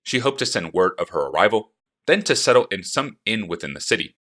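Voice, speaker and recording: A man reading an audiobook with expressive, animated storytelling. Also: fairly low pitch, brisk. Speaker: narrator.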